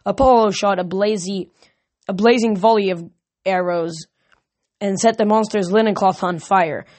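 A woman's voice: medium pitch, normal speed, a little mellow. A woman reading a novel aloud, now and then stumbling and restarting a word. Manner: reads with small slips and restarts. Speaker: audiobook reader.

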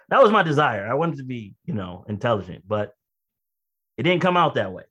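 A man delivers a sermon in a relaxed, conversational way, his voice sitting at a middle pitch. He rushes through side remarks and then slows to a heavy, deliberate pace for his key points. When he relives an emotional moment, his voice leaps high and loud. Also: breathy edge. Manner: conversational, pace swings between quick asides and slow emphatic phrases. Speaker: preacher. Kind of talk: sermon with personal story.

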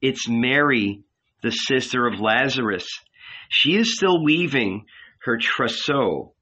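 A man voicing a gentle male guardian angel who soothes and coaxes in a slow, quiet, persuasive manner. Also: medium pitch, expressive, muffled recording, full character voice. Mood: consoling.

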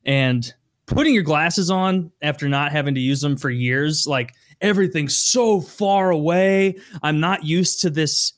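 A man's voice: a little high, unhurried. A man co-hosting a casual podcast chat, joking and rambling through stories. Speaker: podcast co-host.

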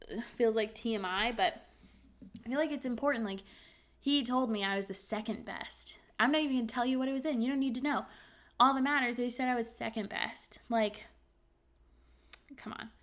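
A woman's voice: a little high, a bit bright. Young woman reading her old journal. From Virginia. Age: 20s. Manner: candid, halting, many fillers. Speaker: podcast host. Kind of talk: reading journal entries aloud.

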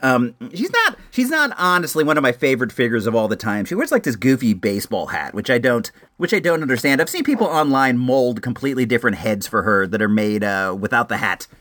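A chatty man talks to his camera in a loose, easygoing way, his voice leaping high and dropping low as he gets excited. His pitch sits in an ordinary middle range. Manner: laid-back and chatty, full of "like" and "dude"; excitable, voice jumping up and down. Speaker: toy collector reviewing action figures. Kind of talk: casual chat to camera.

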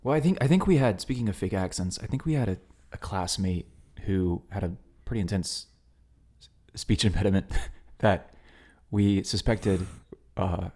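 Deep-voiced easygoing man. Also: normal speed, a little mellow. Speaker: podcast co-host. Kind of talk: casual chat.

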